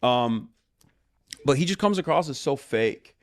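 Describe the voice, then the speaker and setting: A man's voice: mid-range voice, expressive, unhurried. A man in casual podcast conversation, blunt and opinionated.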